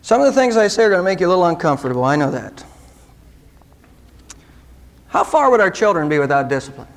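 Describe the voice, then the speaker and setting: A man's voice: high-pitched, sing-song, fast. A male pastor preaching a sermon, earnest and direct, with pointed rhetorical questions to the congregation.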